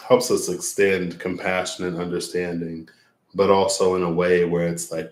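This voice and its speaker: A man's voice: deep voice, little pitch movement, moderate pace, a little mellow, echoey room. A man who reads tarot, closing a long livestream with rambling, reflective talk and frequent laughs. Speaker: tarot reader. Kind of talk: late-night livestream wrap-up chat.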